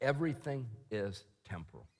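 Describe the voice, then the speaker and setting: Animated man preaching in a reverberant hall. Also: mid-range voice, moderate pace. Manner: animated, shouting at the peaks, laughing, quoting himself. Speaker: conference speaker. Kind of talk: storytelling sermon. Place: large conference hall.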